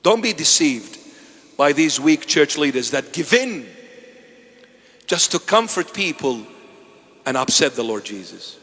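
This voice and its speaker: A man preaching a sermon as a bishop in church, swinging between loud and hushed phrases and acting out quoted dialogue. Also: a little high, big pitch swings, measured pace, long pauses, breathy edge, in a large hall. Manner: preaching with sharp rises and drops in loudness.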